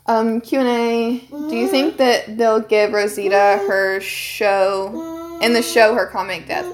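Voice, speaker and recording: Young woman, streamer, casual storytelling, indignant, animated, swears a lot, slightly high voice. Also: takes it slowly.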